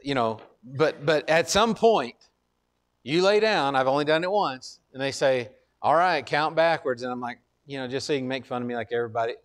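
A man's voice: medium pitch, brisk. A man pastor preaching a sermon in an earnest, conversational way, repeating key phrases and restarting his sentences. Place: church.

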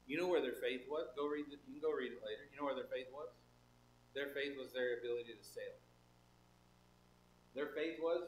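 A man preaching a sermon, reading Bible verses and turning them into conversational rhetorical questions, stopping now and then to clear his throat. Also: medium pitch, measured pace, pauses often, pushed and bright, a little hiss or hum.

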